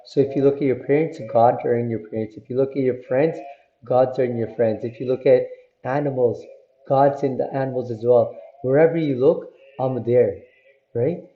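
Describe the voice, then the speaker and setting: Man voicing God, kind, reassuring, gentle teacher, roomy, lo-fi. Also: medium pitch, moderate pace, natural voice.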